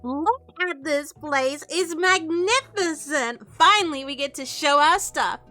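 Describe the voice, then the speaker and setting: A woman's voice: high-pitched, slow, faint music behind, pitched above the performer's own voice, exaggerated voice. A woman voicing a nervous, eager young female culinary student, reading a dating game's lines aloud. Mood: awed. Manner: excitable, rising into panic.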